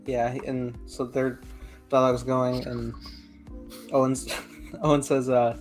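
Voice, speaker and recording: A young man hosting a casual fan review podcast, excitedly recounting scenes and acting out lines. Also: mid-range voice, a little slow, long pauses, faint music behind. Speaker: podcast host.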